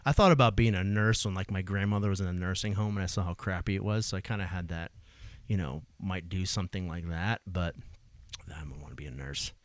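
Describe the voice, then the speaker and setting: Jersey guy in his 40s, lowish voice, dry close sound, animated storyteller. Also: brisk, no echo. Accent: New Jersey. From New Jersey. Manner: animated storytelling, acts out voices, swears casually. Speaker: guest, EMS worker. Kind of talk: casual conversation.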